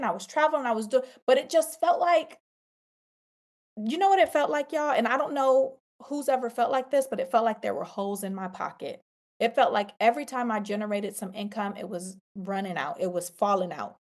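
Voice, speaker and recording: A middle-aged woman, a podcast host and coach, telling a personal story in a casual, animated way and talking straight to her listeners. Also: on the high side, a little fast. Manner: animated, conversational, addresses listeners as y'all.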